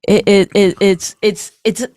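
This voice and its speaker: A woman's voice: medium pitch, steady tone, slow pace, a little mellow, no echo. A middle-aged woman from Canada, co-hosting a podcast in an exasperated, teasing, bickering chat. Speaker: podcast co-host.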